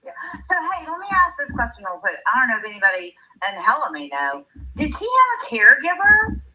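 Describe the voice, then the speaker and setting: A woman joins a casual chat and tells her story with lively energy. Her voice sits a little high and swings widely in pitch. The sound is dull and lo-fi. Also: brisk, slight background noise. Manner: animated, laughing storyteller. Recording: dull lo-fi audio.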